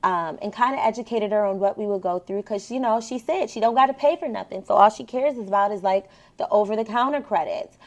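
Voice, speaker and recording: A woman's voice: medium pitch, fast, few pauses. Chatty woman telling a story to viewers. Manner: chatty, animated, addresses viewers directly. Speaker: vlogger. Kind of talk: casual storytelling vlog.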